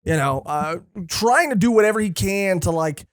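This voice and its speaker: A man's voice: high-pitched, animated, normal speed, no room sound, studio quality. A man co-hosting a podcast in a casual chat, enthusiastic and swearing freely. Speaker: podcast co-host. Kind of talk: casual chat about a comic series.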